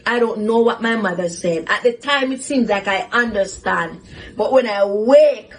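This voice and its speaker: High-pitched woman telling a story. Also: a little hiss or hum, low-quality recording. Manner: animated, laughs often while telling a story. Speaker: host, psychotherapist. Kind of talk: casual storytelling monologue.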